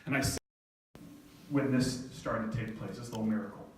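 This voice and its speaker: A man's voice: lowish voice, steady tone, moderate pace, far from the mic, slight background noise. Middle-aged man telling a story in an echoey hall. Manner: heartfelt, self-deprecating, quoting his daughter. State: near tears at moments. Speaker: speaker telling a family story to an audience. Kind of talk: storytelling talk.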